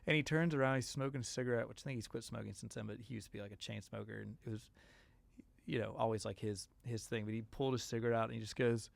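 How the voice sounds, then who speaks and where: A man's voice: medium pitch, quick pace, gravelly, no echo, studio quality. A man, a songwriter guest, telling stories in a casual interview and acting out the voices of the people he quotes. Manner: animated, acts out quoted voices.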